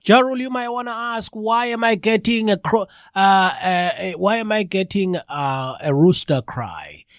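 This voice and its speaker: A man's voice: sits high, animated, moderate pace, hardly any pauses, no room sound, clean studio sound. A man with a stuffy, congested voice from a cold, chatting casually as a live radio show host and talking straight to his listeners. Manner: chatty, addresses listeners directly.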